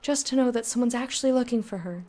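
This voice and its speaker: Woman doing a worried woman in a fantasy game, soft and earnest, slightly high. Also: fast, lightly acted. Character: worried woman seeking her missing sister.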